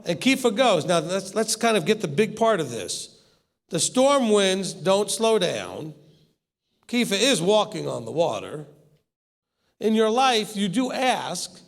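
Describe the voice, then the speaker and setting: A man's voice: high voice, very animated, measured pace, vocal fry. A man teaching scripture in a conversational way, acting out the quoted lines and often laughing. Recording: long hall reverb.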